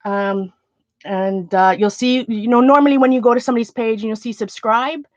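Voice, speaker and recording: A woman hosting her art livestream, voice pitched a little high, speaking in halting, emotional bursts and close to tears. The sound is dry and slightly muffled. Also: steady tone, darkish tone, no echo. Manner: emotional, halting, many restarts. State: near tears. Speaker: art channel host. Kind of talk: casual livestream chat to viewers.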